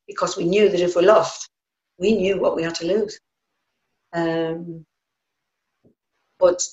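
A woman's voice: on the low side, creaky. An older woman with a North East English accent, recalling the past in an earnest, plain-spoken way with frequent hesitations. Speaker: interviewee. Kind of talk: personal recollection. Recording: roomy, slightly dull recording.

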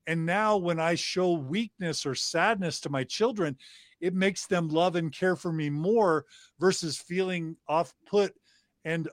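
A man's voice: fairly high pitch, dry recording, studio quality. A middle-aged man talking earnestly and reflectively as a podcast guest, often restarting his sentences. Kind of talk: casual conversation.

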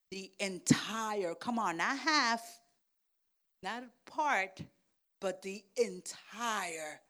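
A woman pastor preaching a sermon, checking in with "Amen?" and "right?", and swinging from soft asides to loud calls. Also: medium pitch. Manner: slow, deliberate delivery.

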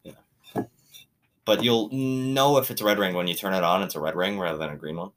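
A man's voice: deep voice, moderate pace, noisy background. A man in casual chat with a friend, rambling and joking and swearing freely. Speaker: friend in conversation.

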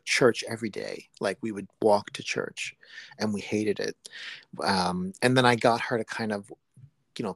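A man co-hosting a casual podcast chat, animated and laughing, acting out quotes in a raised voice. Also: fairly low pitch, dry recording. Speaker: podcast co-host.

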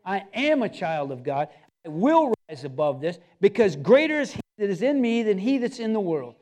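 Male pastor with a very high voice, preaching in an emphatic, repetitive style straight at the congregation. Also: big pitch swings, normal speed, a little mellow. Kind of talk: sermon.

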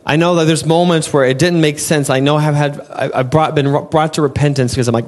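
Young guy preaching, earnest and chatty, acts out talks with god, kinda high voice. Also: fairly even intonation, a little fast, few pauses. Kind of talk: sermon.

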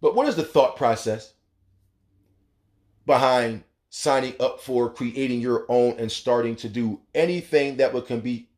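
An adult man with a son hosts a talk radio show, his medium-pitched, darkish voice carrying a blunt, profane monologue. He acts out the voices of the people he quotes.

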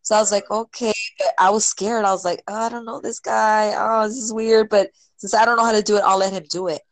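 A woman casually telling a personal story, filling it with "like" and "right?" and acting out quotes with sudden jumps in pitch. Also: fairly even intonation, a little fast, no room sound, low-quality recording. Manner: filler-heavy, many "like" and "right?".

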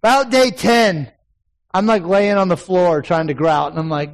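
A man's voice: high-pitched, normal speed, low-quality recording. A man in his forties preaching a sermon in a church, telling folksy personal stories and building to emphatic points. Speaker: pastor. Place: church sanctuary with a congregation.

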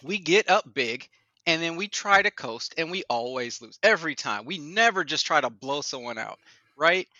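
Lively opinionated man, dry dull sound. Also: fairly high pitch, moderate pace, no room sound. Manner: lively, opinionated, laughs often. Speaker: podcast co-host. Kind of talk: casual sports chat.

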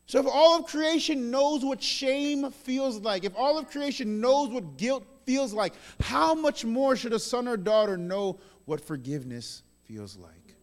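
Brief: male pastor, high voice, dynamic sermon delivery, long reverb of a large church. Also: lively intonation, measured pace, few pauses. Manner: swings between loud emphatic bursts and soft hushed phrases.

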